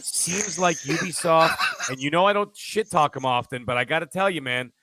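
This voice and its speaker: A man's voice: a little high, moderate pace, pushed and bright, dry recording. A man co-hosting a gaming podcast, ranting in casual, profane chat. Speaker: podcast co-host.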